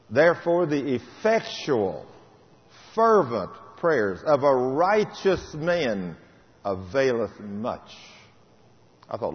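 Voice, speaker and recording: A man gives a testimony sermon, telling his story dramatically and swinging between loud and soft passages. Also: mid-range voice, sing-song, slow. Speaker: preacher giving a testimony. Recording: dull recording with long hall reverb.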